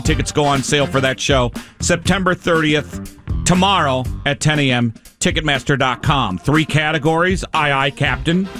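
A man hosting a radio call-in quiz game, teasing the callers in a playful way. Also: on the high side. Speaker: radio show host running a call-in quiz.

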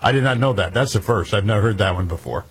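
A man's voice: fairly low pitch, lively intonation, fast talker, slightly rough. A man hosting talk radio, reading news items aloud and then chatting casually with his co-hosts. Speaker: radio show host.

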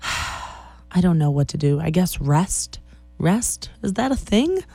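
Tired woman dj rambling on air, kinda low voice, dry close sound, faint music under. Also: sing-song, slow, mellow, slightly rough, no room sound. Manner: chatty, rambling with fillers. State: tired and short of breath. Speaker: radio DJ. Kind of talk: casual radio chat.

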